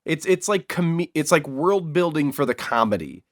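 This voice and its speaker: A man's voice: fairly high pitch, lively intonation, moderate pace, no room sound, studio quality. A man on a podcast, musing about a comedy's humor, thoughtful and searching for words. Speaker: podcast co-host. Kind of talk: casual movie chat.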